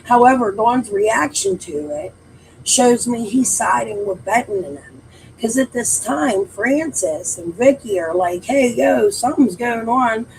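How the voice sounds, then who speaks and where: A woman's voice: fairly high pitch, a little slow, vocal fry, slight background noise, poor audio. A woman hosting a true crime livestream, talking casually in a blunt, emphatic way and swearing often. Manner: blunt, heavily profane, emphatic. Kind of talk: casual chat.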